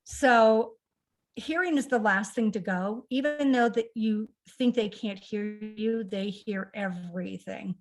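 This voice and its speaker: A woman's voice: a little high, measured pace. A middle-aged woman recounting a personal family story in conversation, acting out the quoted lines of the people in it. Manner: emotional, acts out quoted dialogue. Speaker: author guest.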